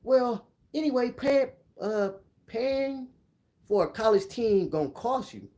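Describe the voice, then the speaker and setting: A man's voice: very high-pitched, lively intonation, takes it slowly, darkish tone, voice pushed up, heavily acted. A man doing a mocking old coach. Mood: condescending. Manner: mocking, condescending. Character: dismissive old male college track coach.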